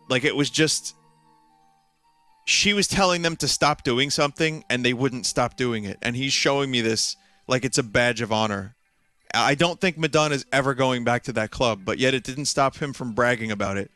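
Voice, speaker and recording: A male streamer spins a rambling, animated story with lots of fillers and laughter. His voice sits at a middle pitch with a bright, forward tone. Faint game music plays underneath. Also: no room sound. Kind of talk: casual storytelling while gaming.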